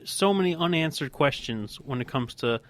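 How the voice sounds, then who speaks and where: A man's voice: a little high, animated, normal speed. A man co-hosting a casual wrestling podcast, talking in a heated, emphatic rant. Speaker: podcast co-host.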